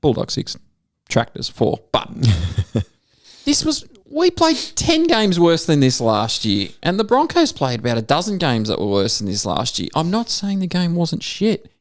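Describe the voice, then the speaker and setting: A man's voice: a little high, a little slow. A middle-aged man with an Australian accent, telling profane stories in casual podcast banter as co-host. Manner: profane, animated storyteller.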